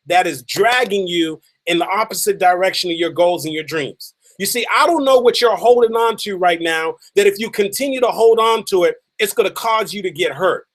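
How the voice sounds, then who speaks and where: An emphatic man with a fairly high voice tells a story as a motivational speaker. He hammers phrases again and again for effect. He drags out the key lines slowly for drama. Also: fairly bright tone.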